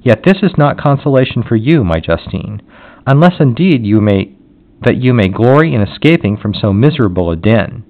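A man's voice: mid-range voice, sing-song, moderate pace. A man reading the lines of a grieving young noblewoman, earnest and sorrowful. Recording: dull lo-fi audio.

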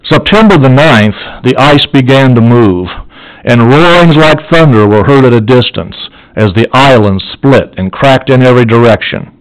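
A man narrates an audiobook in a steady, earnest way. His voice sits in an ordinary middle pitch for a man. The reading is measured and even. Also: smooth, low-quality recording.

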